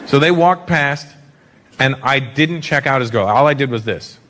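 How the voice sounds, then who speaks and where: A man from Canada performing a stand-up comedy set on a club stage, talking to the audience and breaking into loud shouted bits as he acts out characters. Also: mid-range voice, normal speed. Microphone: handheld stage mic. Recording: live club recording with crowd noise.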